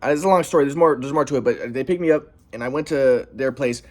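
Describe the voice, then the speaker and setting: A young man telling a personal story in a vlog, earnest and aggrieved, stressing how calm he stayed. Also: mid-range voice, quick pace. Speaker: vlogger.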